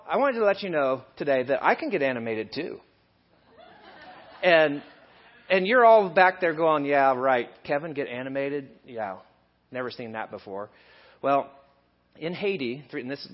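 A man giving a conversational sermon in a church, building to animated emphasis at times. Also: a little high. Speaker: lay preacher. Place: church hall. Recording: dull lo-fi sermon recording.

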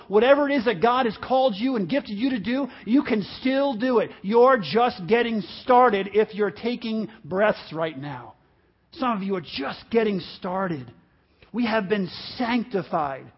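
Fifty-something male pastor preaching, high voice, goes quiet then shouts, dull lo-fi church recording. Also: animated, measured pace, husky. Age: 50s. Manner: impassioned, swings from hushed to shouting. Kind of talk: sermon. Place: church sanctuary with congregation.

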